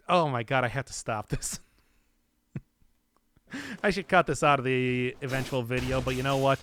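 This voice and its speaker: A man's voice: medium pitch, a little slow, pauses often, a bit bright, faint music behind. A man streaming a video game, chatting casually and rambling with self-mocking humor. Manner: rambling, self-mocking, laughs at his own jokes. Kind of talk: casual gameplay commentary.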